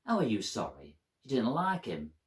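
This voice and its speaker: A man voicing his elderly mother in her seventies, sharp-tongued and jealous, in a home-made stage monologue. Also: normal speed, roomy sound. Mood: bitter. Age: 70s. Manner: tart, scolding, lively swings in pitch.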